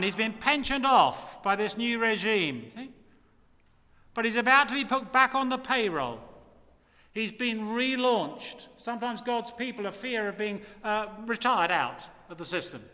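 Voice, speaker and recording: A man's voice: high-pitched, animated, a little slow, bright, forceful tone. An older man preaching an emphatic, impassioned sermon from the front of a church. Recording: long hall reverb.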